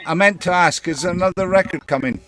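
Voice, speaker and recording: A man's voice: high voice, quick pace, a loud crowd. A man hosting a live online show, talking with frequent hesitations and fillers. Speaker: host.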